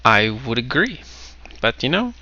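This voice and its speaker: A man's voice: medium pitch, big pitch swings, pushed and bright, dry recording, muffled recording, full character voice. A man playing a serious, formal halfling monster slayer in a tabletop game. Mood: grave. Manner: formal, measured, somber.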